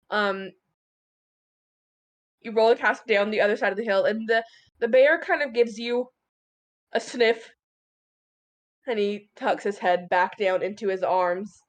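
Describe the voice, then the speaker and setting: A woman's voice: medium pitch, measured pace, pauses often. A woman narrating a tabletop game as game master, casual and full of fillers.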